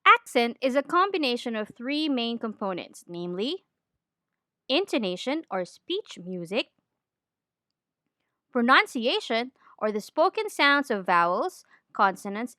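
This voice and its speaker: A woman giving a scripted lesson on training, in a clear, deliberate teaching manner. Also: high-pitched, pushed and bright, no echo, studio quality. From Philippines. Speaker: accent trainer.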